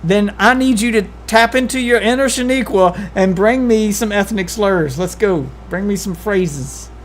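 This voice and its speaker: A woman's voice: medium pitch, measured pace. Blunt, crude-joking woman streamer. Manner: blunt, crude and joking, talks over others. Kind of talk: casual chat.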